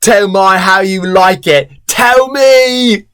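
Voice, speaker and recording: A man voicing a domineering, lustful man who taunts and shouts orders in a comedic read-aloud of fan fiction. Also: high voice, slow pace, clean tone, voice pushed up. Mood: taunting.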